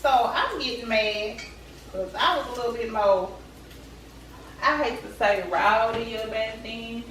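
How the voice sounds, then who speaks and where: Slow-talking woman in an echoey room. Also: fairly high pitch, far from the mic, slight background noise. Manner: chatty, animated, talks straight to viewers. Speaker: vlogger. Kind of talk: casual storytelling to viewers. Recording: echoey room, away from the mic.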